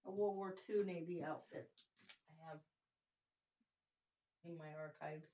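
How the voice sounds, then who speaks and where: A woman's voice: deep voice, steady tone, unhurried. A woman paranormal investigator chatting casually and matter-of-factly while explaining readings inside an old house. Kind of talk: casual chat during an investigation. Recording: roomy, distant, muffled lo-fi.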